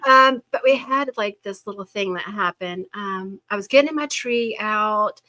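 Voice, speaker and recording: An older woman, hosting a casual chat and telling stories in an animated way, acting out the voices she quotes. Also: mid-range voice, unhurried, low-quality recording. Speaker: host of a yarn shop show.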